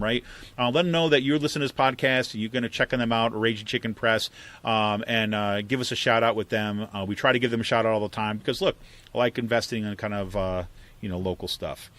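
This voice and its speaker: A man's voice: on the low side, a bit bright. A man co-hosting a political podcast, chatting casually and rambling with lots of fillers. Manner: rambling, many fillers and asides. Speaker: podcast co-host.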